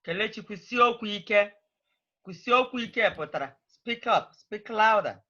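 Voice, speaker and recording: A woman's voice: medium pitch, expressive, moderate pace, bright, forceful tone, highs cut off. A woman teaching a language class over a video call, speaking. She prods students patiently and repeats her phrases.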